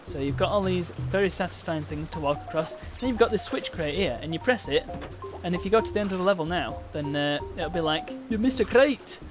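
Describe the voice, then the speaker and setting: A man's voice: on the high side, fast, few pauses, over music. A man giving chatty, self-mocking commentary while streaming a game.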